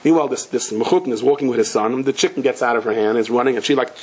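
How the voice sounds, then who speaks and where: A rabbi telling a story in a Torah class in a lively way, who often laughs and breaks into excited character voices. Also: male voice, medium pitch, very fast, husky. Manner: laughs often and restarts sentences.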